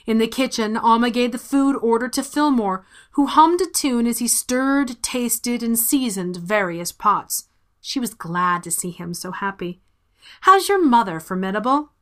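Soft-spoken woman reading a story. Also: a little high, fairly even intonation, measured pace. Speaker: narrator. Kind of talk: scripted story narration.

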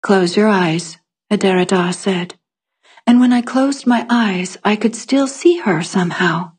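A woman with a husky, slightly rough voice reads a first-person fantasy story aloud. Her delivery is calm and measured, in the manner of scripted fiction narration. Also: medium pitch.

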